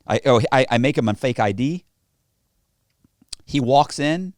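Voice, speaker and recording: A man's voice: medium pitch, unhurried, dry recording. A man, a guest on a podcast, telling stories casually and with animation, often swearing. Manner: animated, profane, acts out the voices of others in his stories. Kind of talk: casual storytelling in a podcast interview. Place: podcast studio.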